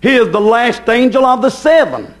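High-voiced fervent male preacher. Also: expressive, moderate pace. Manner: fervent preaching with rising, emphatic repetitions. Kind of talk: sermon.

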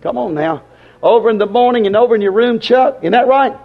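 A high-pitched man preaches, folksy and dramatic. He swings from loud to soft and plays out voices as he goes. The recording sounds dull and lo-fi. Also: a little fast. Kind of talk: sermon.

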